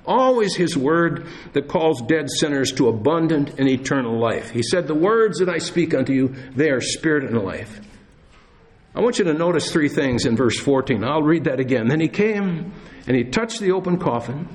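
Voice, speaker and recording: A pastor preaching a sermon in church, earnest, slowing down and pausing for emphasis. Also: male voice, fairly high pitch, lively intonation. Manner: earnest preaching with dramatic pauses and slowed emphasis.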